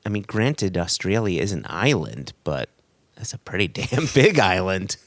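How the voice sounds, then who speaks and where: A man's voice: low voice, very animated, normal speed, no room sound. A man from the US co-hosting a casual podcast, rambling and self-deprecating, laughing often between thoughts. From United States. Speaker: podcast co-host.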